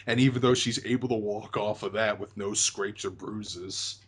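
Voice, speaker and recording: A young man hosts a casual talk about a video game, speaking in a fairly low voice. He rambles, trailing off into fillers and restarting his sentences often. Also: fairly even intonation, normal speed, hardly any pauses, breathy edge. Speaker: host.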